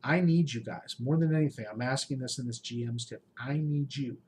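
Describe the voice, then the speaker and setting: A man in his late forties giving an emotional personal update to his channel's followers, heartfelt and pleading, often halting with restarts and sighs. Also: medium pitch, a little hiss or hum. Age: 40s. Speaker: YouTube game master channel host.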